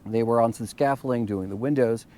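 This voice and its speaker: A man talks through a motivational monologue in a mid-pitched voice. He stops and restarts often and repeats words as he feels his way forward. He keeps an earnest, conversational tone. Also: warm tone. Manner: halting, repeats words while searching for them. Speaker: motivational vlogger.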